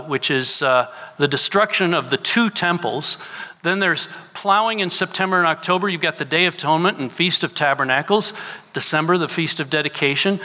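A man's voice: fairly high pitch, bright, forceful tone. A middle-aged man, a pastor, preaching a sermon and asking his congregation questions as he teaches. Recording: long reverb of a large hall.

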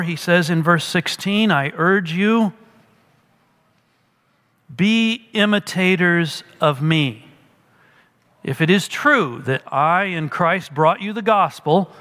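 A man's voice: high voice, fairly bright tone, big-room sound. A middle-aged man preaching a sermon in an earnest, expository way, stressing the verses he quotes.

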